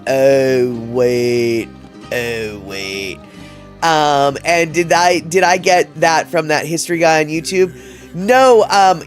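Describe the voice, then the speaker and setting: A man's voice: on the high side, fairly bright tone. A man hosting a livestream, chatting casually and reading out viewer comments in a rambling way, with many fillers and restarts. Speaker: livestream host.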